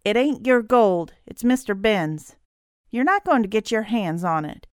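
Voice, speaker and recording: A simple, childlike grown man in a storybook, loyal and petulant, with a raised, childish voice, as a woman narrator plays him. The reading is smooth and dry. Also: medium pitch, animated, unhurried, dry recording, pitched above the performer's own voice, close to an everyday voice. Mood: sulky.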